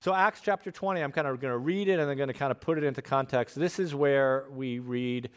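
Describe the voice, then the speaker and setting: A male pastor, preaching a sermon from a church stage in a relaxed, conversational way with bits of slang. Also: medium pitch, brisk.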